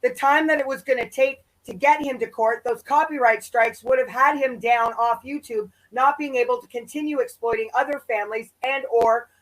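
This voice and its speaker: A woman co-hosts a tense livestream argument in a somewhat high voice. She presses her point insistently and swears, then backs off with apologies. Her talk sounds worked up. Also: fairly even intonation, normal speed, hardly any pauses, poor audio. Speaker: livestream co-host.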